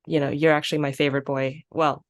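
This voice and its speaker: Low-voiced woman interviewer, friendly and chatty. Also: level tone, fast, dry recording, clean studio sound. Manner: friendly, with fillers and little laughs. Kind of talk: casual interview over video call.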